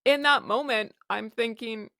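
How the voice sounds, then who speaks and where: A woman's voice: fairly high pitch, measured pace, gravelly, pushed and bright, no room sound, clean studio sound. A middle-aged woman hosting a podcast, telling a personal story candidly and emotionally, swearing freely and acting out her own thoughts. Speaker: podcast host.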